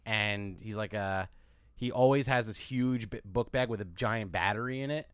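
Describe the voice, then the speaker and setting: A young man, a comedian and podcast host, telling a rambling, animated story with lots of restarts. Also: fairly low pitch, moderate pace, clear, resonant tone, no room sound, studio quality.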